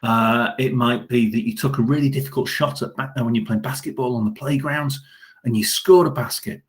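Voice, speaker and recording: A man's voice: mid-range voice, fairly even intonation, a little fast. A man leading a school assembly, speaking directly to children in an encouraging, upbeat way.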